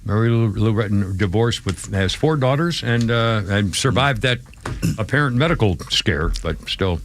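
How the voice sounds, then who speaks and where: A man co-hosting a talk radio show, laughing along and chiming in with quick reactions. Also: lowish voice, animated, slight background noise. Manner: chuckling sidekick, chimes in with quick reactions. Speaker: radio co-host. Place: radio studio. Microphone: studio microphone.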